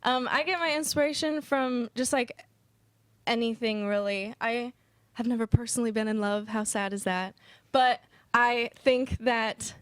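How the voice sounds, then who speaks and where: Late-teens woman, fairly high voice, bubbly and casual, self-deprecating, dry close sound. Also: measured pace, clear, resonant tone, no echo. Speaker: young songwriter guest. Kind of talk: casual interview chat. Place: TV studio.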